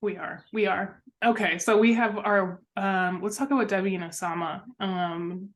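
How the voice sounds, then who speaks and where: Woman co-host, casual storytelling podcast chat, playful, mid-pitched. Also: steady tone, normal speed. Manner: storytelling, playful, jumps into quoted voices.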